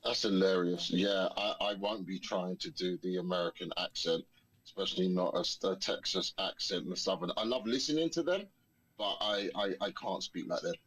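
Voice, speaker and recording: A man's voice: deep voice, moderate pace, fairly bright tone, breathy edge, poor audio. A man with a South London accent joining a casual chat as a guest, friendly and teasing with hesitant restarts. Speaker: guest caller.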